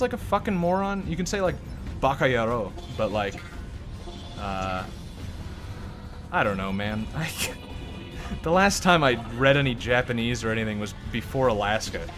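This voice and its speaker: A man's voice: medium pitch, sing-song, moderate pace, pauses often, music in the background. A man streaming gameplay in casual live commentary, rambling, joking and cursing, his throat sore and strained. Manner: rambling, joking, profane, self-deprecating, laughs often.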